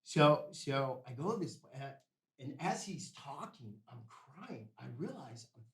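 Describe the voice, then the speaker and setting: A man's voice: mid-range voice, sing-song, unhurried, a bit bright, far from the mic. Laid-back man telling a story in a roomy space. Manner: laid-back, peppers speech with "man" and "bro". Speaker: podcast guest. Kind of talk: casual storytelling. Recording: roomy echo.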